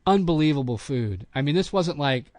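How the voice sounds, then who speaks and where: A middle-aged man, a voice actor hosting a podcast, telling a long show-business story in a casual, animated way and acting out the quotes. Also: fairly high pitch, normal speed, no room sound, clean studio sound.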